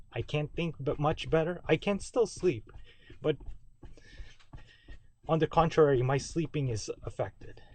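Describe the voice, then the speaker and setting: A man talks into a home video from his basement, his voice sitting in a middle pitch. He rambles and rants, circling back to restart and correct his words. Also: darkish tone. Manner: rambling, repetitive, ranting with self-corrections. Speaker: vlogger. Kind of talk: direct-to-camera video message.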